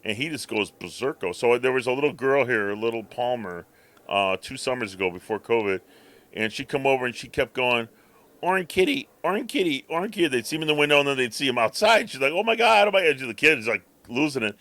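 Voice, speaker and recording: Bright-voiced man telling rambling stories. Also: medium pitch, fast. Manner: rambling storyteller, acts out the cat's thoughts. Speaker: podcast co-host. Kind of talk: casual chat.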